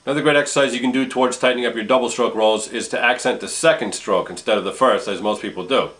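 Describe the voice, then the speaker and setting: A man teaching drum technique, explaining exercises in a calm, plain way. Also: medium pitch, fast. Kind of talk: instructional demonstration.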